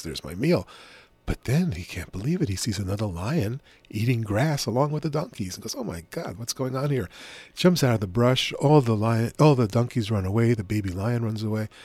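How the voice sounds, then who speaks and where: A middle-aged man as a radio interview guest, telling stories in a gentle, unhurried way. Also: on the low side, husky, dry recording. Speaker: author and spiritual teacher as guest. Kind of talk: relaxed radio interview storytelling.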